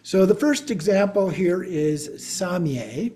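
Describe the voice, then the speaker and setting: A man's voice: high-pitched, animated, slow, warm tone, slight background noise. A middle-aged man, a Buddhist teacher, giving a class lecture, patiently spelling words out letter by letter.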